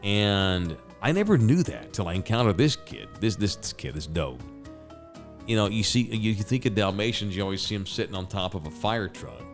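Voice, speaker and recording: A man's voice: lowish voice, expressive, moderate pace, faint music behind. A middle-aged man telling a story as a host, casual, rambling and profane, with sound effects.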